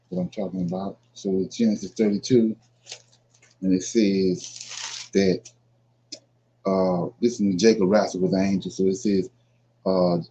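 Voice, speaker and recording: A deep, mellow male voice guides an informal Bible study, reading verses aloud and emphatically explaining them while he keeps asking "right?" It's a dull, lo-fi recording.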